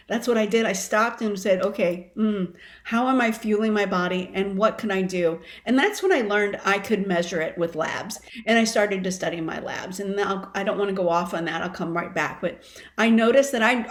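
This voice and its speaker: A woman in her fifties, a wellness coach, telling her story in an animated, expressive way during a casual interview. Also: mid-range voice, normal speed.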